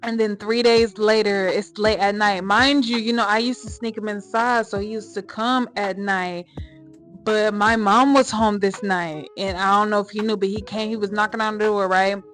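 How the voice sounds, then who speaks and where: A woman's voice: medium pitch, steady tone, normal speed, a bit bright. Chatty woman telling a story over faint music. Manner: chatty, slangy, emphatic, addresses viewers as y'all. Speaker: vlogger telling a personal story. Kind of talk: casual storytime monologue.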